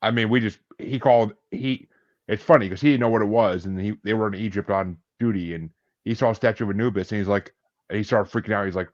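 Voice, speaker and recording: Low-voiced, joking man with a swearing streak. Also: steady tone, fast talker, highs cut off. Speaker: podcast host. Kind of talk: casual chat.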